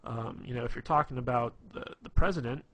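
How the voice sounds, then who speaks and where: A man's voice: medium pitch, fairly quick, noisy background. A man giving casual, rambling advice on being funny, full of fillers and restarts. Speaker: dating advice presenter. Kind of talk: casual instructional talk.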